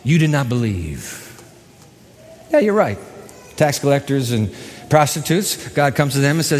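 A man's voice: medium pitch, a little slow, pauses often. Man, pastor, sermon, dramatic, voices the characters, long hall reverb. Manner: dramatic, acts out quoted voices, lively emphasis. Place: church hall.

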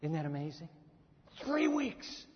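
A high-pitched male pastor preaching with dramatic flair, his voice carrying a long echo through a church hall. The sound is muffled and dull. He acts out the scripture characters in lively bursts. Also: a little slow. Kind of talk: sermon. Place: church sanctuary.

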